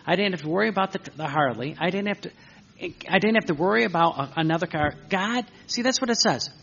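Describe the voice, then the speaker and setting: A man's voice: sits high, lively intonation, fast, gravelly, a bit bright, slightly rough. A man teaching a seated group in an informal spiritual talk, rambling through anecdotes with self-corrections and joking asides. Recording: dull lo-fi recording.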